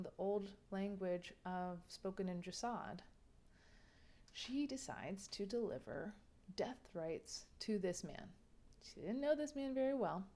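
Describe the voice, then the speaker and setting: A woman's voice: fairly low pitch, darkish tone. Exasperated woman ranting with swear-laced asides. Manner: exasperated, swears freely, drops into whispers for emphasis. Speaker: book reviewer. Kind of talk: casual ranting book review.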